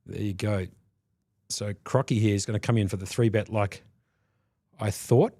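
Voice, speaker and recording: A man, fairly low in pitch, gives jokey play-by-play on a live poker stream. He sounds close and dry, with no room around him. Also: steady tone, moderate pace, warm tone, dry recording. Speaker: poker commentator. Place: commentary booth.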